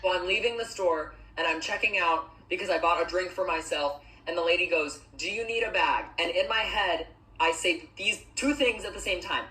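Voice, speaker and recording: Woman, comic storyteller, lowish bright voice, echoey room. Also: moderate pace. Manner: animated, exasperated retelling.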